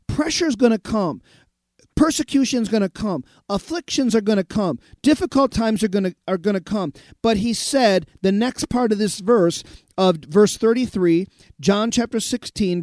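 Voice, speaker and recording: A man's voice: high voice, expressive, normal speed, a little mellow, no echo, clean studio sound. A man who pastors a radio show, preaching emphatically and reading out listener messages. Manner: emphatic preaching, repeats phrases.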